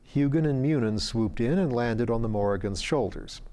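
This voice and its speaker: Guy reading a fantasy story, measured and wry, mellow warm voice, middling pitch. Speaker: narrator. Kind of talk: audiobook narration.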